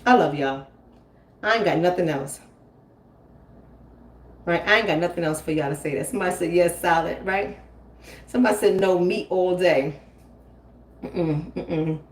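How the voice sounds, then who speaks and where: Low-pitched and often pausing, this woman in her forties speaks at a moderate pace as a commentary host on a casual live stream from home. She sounds emphatic and preachy, repeating her phrases. The recording is roomy and captured from a distance.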